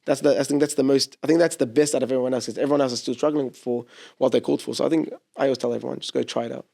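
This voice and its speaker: Young man with a gravelly voice. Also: mid-range voice, steady tone, dark tone. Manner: emotional, halting, with many restarts. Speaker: seminarian guest. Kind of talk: personal testimony in a podcast interview. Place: church podcast studio.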